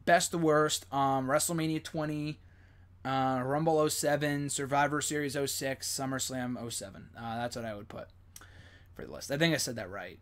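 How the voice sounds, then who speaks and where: A young man hosting a live stream, chatting casually and rambling, with plenty of fillers and excited swearing. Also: mid-range voice, moderate pace. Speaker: host.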